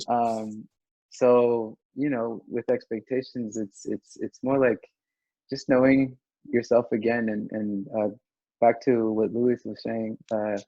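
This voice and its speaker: A man's voice: medium pitch, steady tone, a little slow, warm tone, no room sound. A young man speaking as a podcast guest in casual group discussion, earnest and rambling with lots of filler words. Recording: dry, dull lo-fi audio.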